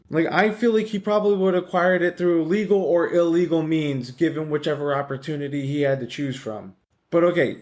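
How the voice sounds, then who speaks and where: A man hosting his own podcast, talking in a rambling, casual monologue full of swearing and wisecracks. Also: on the high side. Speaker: podcast host.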